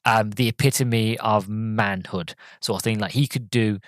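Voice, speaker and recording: A man's voice: lowish voice, fairly even intonation, moderate pace, no echo. A man hosting a casual solo review podcast, rambling and full of fillers. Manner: rambling, filler-heavy, frequent "sort of". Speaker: podcast host, film reviewer.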